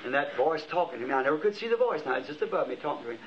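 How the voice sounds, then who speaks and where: A middle-aged preacher tells a vision to his congregation in a fairly high voice, his lines climbing into impassioned exclamations. The recording is dull and lo-fi, like old archival tape. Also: sing-song, very fast, crowd noise. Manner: impassioned storytelling with rising exclamations. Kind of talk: sermon.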